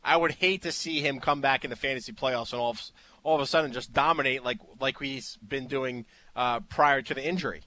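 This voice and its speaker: Bright-voiced male sports radio host. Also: medium pitch, fairly quick. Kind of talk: casual sports radio talk.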